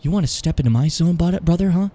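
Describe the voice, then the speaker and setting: A man putting on a boastful wrestler-style tough guy, shouting aggressive trash talk. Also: a little high, fast, natural voice.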